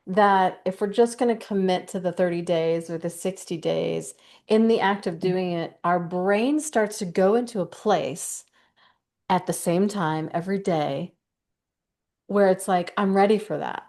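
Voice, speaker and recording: Enthusiastic woman sharing life lessons. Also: medium pitch. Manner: animated and enthusiastic, speeds up when excited. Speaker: guest. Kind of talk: conversational podcast talk.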